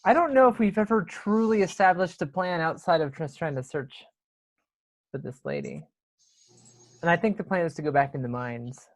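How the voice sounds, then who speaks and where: A woman speaks casually and hesitantly as a player in a tabletop game over a video call. Her voice sits somewhat low, and her pitch moves a lot. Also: expressive, normal speed.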